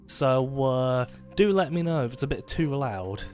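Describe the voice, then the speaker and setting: A man's voice: mid-range voice, expressive, unhurried, darkish tone, soft background music. A man chatting casually while live-streaming a game, rambling and joking at his own expense, with many fillers and restarts.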